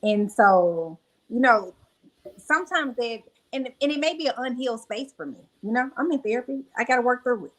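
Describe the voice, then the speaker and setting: A young adult woman speaks candidly as a podcast interview guest, sharing reflective personal stories packed with fillers. Her slightly high voice has lively intonation at normal speed, though the recording quality is low.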